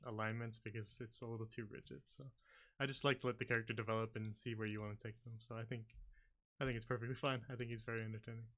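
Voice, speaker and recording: A man's voice: medium pitch, flat delivery, fast, fairly bright tone. A man running a tabletop game as game master, talking casually with many fillers and easy laughs.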